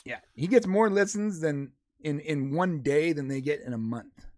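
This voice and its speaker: A man's voice: on the high side, moderate pace, darkish tone. A man co-hosting a casual podcast livestream, telling a story and acting out both sides. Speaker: podcast co-host.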